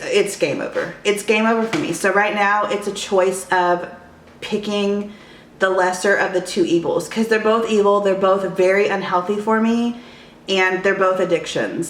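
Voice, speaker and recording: A woman in her thirties, speaking candidly and emotionally in a personal vlog at home, often sighing. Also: mid-range voice. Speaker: vlogger. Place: home, indoors. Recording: echoey room.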